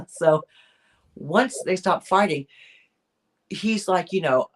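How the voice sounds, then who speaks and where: A woman's voice: fairly low pitch, takes it slowly. A woman co-hosting a weekly chat, telling a true crime story in a casual, rambling way, with lots of fillers and restarts. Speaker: co-host of a weekly chat show.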